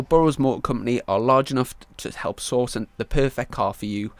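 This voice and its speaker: A man hosting a podcast in a loose, chatty way, full of fillers and restarts. His pitch sits in the middle for a man, and the recording is dry and close. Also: no room sound. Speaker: podcast host. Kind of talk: casual chat and sponsor read.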